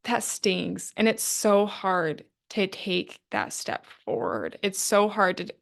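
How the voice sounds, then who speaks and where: Slow and sing-song, with a creaky, medium-pitched voice, a woman hosts a casual interview podcast. She asks questions and reflects earnestly, leaning on lots of fillers.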